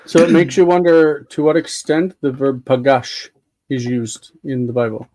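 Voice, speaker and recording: A man's voice: mid-range voice, little pitch movement, normal speed, a little mellow, low-quality recording. A man hosting a live Bible-reading discussion, patiently explaining grammar with many fillers. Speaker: host and Hebrew teacher.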